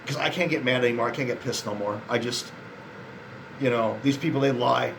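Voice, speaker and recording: Over a noisy background, a man with a creaky, medium-pitched voice talks a little fast in a casual monologue to camera for male viewers. Exhausted, frustrated, disappointed and resigned, he rambles, jumps from thought to thought and swears often.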